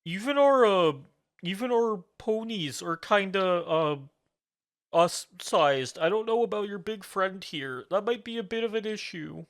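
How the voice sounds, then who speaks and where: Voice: mid-range voice, animated, measured pace, pitched above the performer's own voice. A game master voicing a fretful, stammering small male stable keeper who misses his lost pig. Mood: flustered. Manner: stammering, flustered. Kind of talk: voicing a character in a tabletop game.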